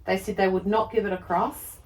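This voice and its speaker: A woman's voice: mid-range voice, steady tone, brisk, darkish tone, recorded from a distance, rough recording. A woman chatting and teasing from across the room.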